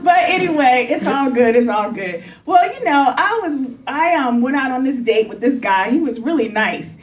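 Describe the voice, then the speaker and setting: High-voiced woman doing stand-up. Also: normal speed, faint music behind. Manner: animated, addresses crowd directly. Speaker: stand-up comedian. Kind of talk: live clean stand-up comedy. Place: coffee house stage. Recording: roomy, from a distance.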